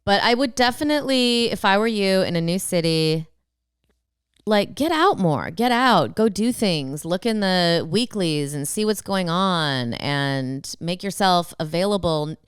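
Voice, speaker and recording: A woman co-hosts a relaxed chat podcast, reading listener letters and breaking in with asides. Her pitch moves a lot and her voice is smooth and resonant. The sound is dry and close. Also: dry recording. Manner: reads letters aloud with laughs and quick asides. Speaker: podcast co-host.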